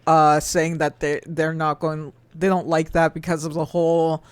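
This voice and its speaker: A man's voice: fairly high pitch, little pitch movement, moderate pace, clear, resonant tone, dry recording. A man streaming a game, reading out chat messages and rambling in a hesitant way, laughing often.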